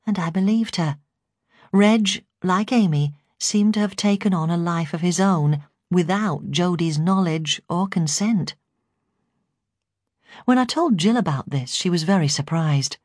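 A woman narrating a memoir in a calm, measured storytelling voice. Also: on the low side, no room sound, studio quality. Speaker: audiobook narrator.

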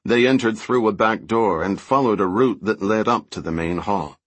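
A man narrating an audiobook with steady, even storytelling. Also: on the low side, moderate pace, dry recording. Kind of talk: scripted narration.

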